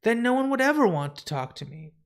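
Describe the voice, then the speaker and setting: A man's voice: very high-pitched, very animated, creaky, voice pushed up, full character voice. A man reading a comic book aloud live, voicing a sad, lonely shapeshifting woman who stammers and hesitates as she talks of wanting to die. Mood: despairing. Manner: halting, stammering, despairing.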